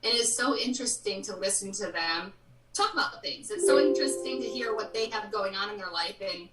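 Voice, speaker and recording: A woman's voice: medium pitch, animated, fairly quick, loud music behind the voice. A woman in her thirties, a guest on a casual live-stream interview, speaking frankly and with strong opinions. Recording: roomy, distant from the mic.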